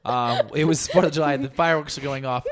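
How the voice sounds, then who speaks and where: Young podcast co-host, mid-pitched, dry humor, relaxed storytelling. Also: fast. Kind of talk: casual chat.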